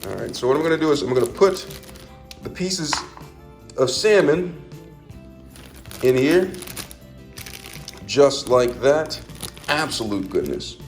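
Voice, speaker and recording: A man's voice: a little high, animated, slow, long pauses, soft background music. Folksy man demonstrating a home recipe. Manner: folksy, repeats catchphrases, drops voice on asides. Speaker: home cook. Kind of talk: casual cooking demonstration.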